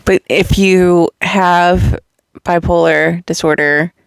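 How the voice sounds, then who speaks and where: A woman's voice: fairly low pitch, fairly even intonation, takes it slowly, clean tone, no echo. A woman vlogger talking casually to the camera, rambling and repeating herself as she tells personal stories, often laughing. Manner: rambling, repetitive storytelling with frequent laughs. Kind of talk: casual personal vlog monologue.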